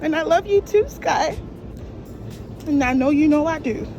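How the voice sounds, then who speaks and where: A young woman vlogger talks to her puppy in a high, swooping sing-song, coaxing and praising him with affectionate baby talk. She speaks slowly and drawn out, with music playing clearly behind her voice. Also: animated. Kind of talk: talking to her puppy on a walk and at home.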